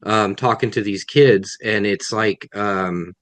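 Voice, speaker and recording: This guest author's answers in a webinar Q&A over video call come slowly, in a fairly low voice that's a bit bright and free of room sound. He thinks carefully, often breaking off to restart and correct what he's saying.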